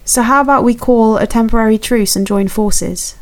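A man voicing a sharp-tongued young woman superhero in a raised, snappy voice. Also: high voice, moderate pace, voice pushed up, natural voice. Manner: snappy, curt.

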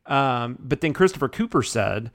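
A man's voice: mid-range voice, lively intonation, moderate pace, no room sound, studio quality. A man co-hosting a podcast, talking casually in a laid-back, self-deprecating way. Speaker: podcast co-host. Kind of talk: casual chat.

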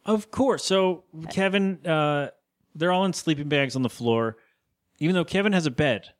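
A man co-hosting a podcast, casually recapping a cartoon episode and briefly acting out the characters' lines. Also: on the high side. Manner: rambling, acts out character lines in quick voices. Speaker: podcast co-host.

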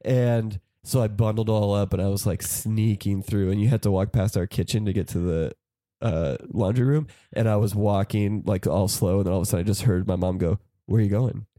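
Mellow, low-voiced man rambling through a story. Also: fairly even intonation, brisk, no room sound, studio quality. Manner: rambling, heavy use of "like", laughs through his story. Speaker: podcast guest. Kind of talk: casual comedic storytelling.

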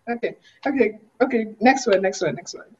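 A woman hosting a casual podcast chat, animated and playfully teasing her guests. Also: on the high side, moderate pace, breathy edge. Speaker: podcast host. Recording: muffled lo-fi audio.

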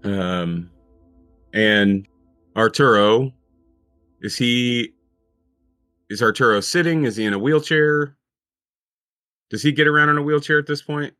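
A man's voice: mid-range voice, unhurried, pauses often, pushed and bright, no echo, clean studio sound, soft background music. A man running a tabletop role-playing game, asking players questions and narrating in a laid-back way. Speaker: game master.

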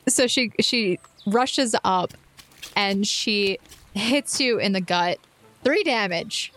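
A woman's voice: mid-range voice, takes it slowly, fairly bright tone. A woman narrating as game master of a tabletop game, laughing often as she describes the action.

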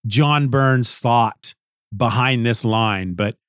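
Casual comic reviewer, male, mid-pitched, dry close sound, musing and self-correcting. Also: takes it slowly, a bit bright, clean tone, dry recording. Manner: rambling, musing, frequent restarts and hedges.

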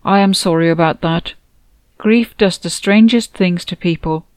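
A woman voicing a calm, formal male funeral officiant. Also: lowish voice, unhurried, smooth, no echo, close to an everyday voice. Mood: formal solemn. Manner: formal, composed.

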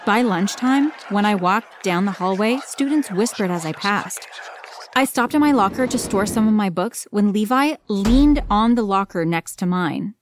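A woman reading a first-person story aloud as a storyteller, in an expressive, dramatic way. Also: medium pitch, normal speed, noisy background. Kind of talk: scripted first-person narration.

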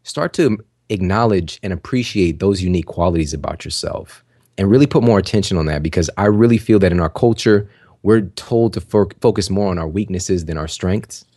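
A man's voice: low-pitched, fairly quick, dark tone, no echo, clean studio sound. A man hosting a podcast, giving casual, encouraging advice straight to his listeners, with lots of "you know" and "like". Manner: conversational, full of "you know" and "like" fillers; encouraging, addresses listeners directly. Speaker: podcast host. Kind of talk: casual motivational talk.

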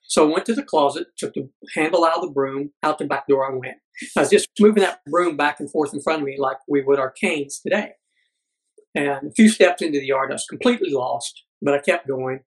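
A middle-aged man, a podcast guest, telling a personal story earnestly, halting with many fillers. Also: on the high side, husky, poor audio.

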